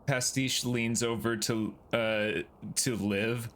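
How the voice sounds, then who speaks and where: A man's voice: medium pitch, steady tone, takes it slowly, fairly bright tone, slight background noise. A man playing a tabletop game, chatty and playful, tossing out questions. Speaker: player. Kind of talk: casual tabletop role-play.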